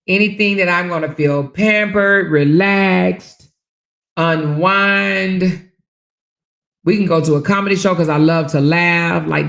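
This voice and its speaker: A woman hosts a casual livestream, talking straight to her viewers and reading out their comments. Her voice has a gravelly edge, and she gets loud and animated when she tells a story, swearing freely as she goes. The sound is a bit roomy and echoey. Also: deep voice. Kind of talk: casual chat.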